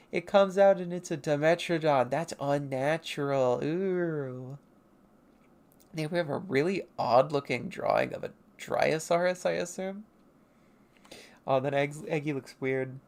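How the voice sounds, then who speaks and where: A young adult artist chats loosely on a livestream, poking fun at their own childhood work and dropping into quick character bits. The voice carries a gravelly, fry-tinged texture at a middling pitch, picked up on a home streaming mic. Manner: rambling, self-mocking, briefly acting out character lines. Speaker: artist livestreaming a comic read-through. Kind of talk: casual livestream commentary.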